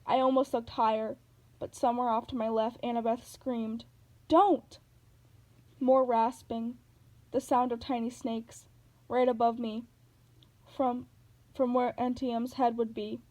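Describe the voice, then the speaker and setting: A woman narrating a novel aloud in a steady, plain reading manner. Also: a little high, unhurried, low-quality recording.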